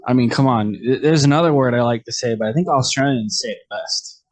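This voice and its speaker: A man's voice: medium pitch, fairly quick, darkish tone. A man as a podcast guest in casual chat, easygoing, dropping chuckling asides and short backchannels.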